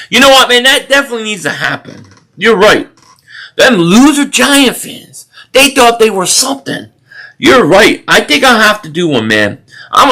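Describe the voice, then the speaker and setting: A man hosting a live stream watch party, chatting casually with viewers and ranting opinionatedly about football with frequent restarts. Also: sits high. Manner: opinionated, animated sports rant with repeated restarts. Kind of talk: casual live stream chat, reading super chats.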